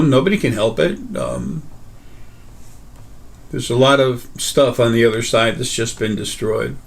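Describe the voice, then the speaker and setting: A man hosting a casual metaphysical talk, rambling with many fillers and restarts. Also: medium pitch. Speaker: host.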